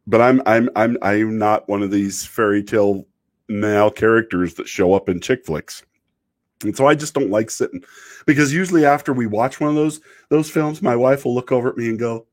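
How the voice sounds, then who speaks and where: A married adult man from Idaho hosts a show and reads the chat, talking casually and rambling, often stopping, restarting and joking. His voice is mid-range, and he speaks at a moderate pace.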